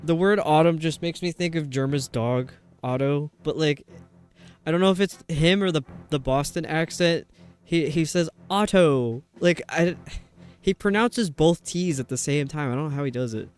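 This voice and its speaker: A man's voice: on the high side, moderate pace, darkish tone, clean tone, faint music behind. A male streamer chatting casually and rambling while he plays, answering his chat.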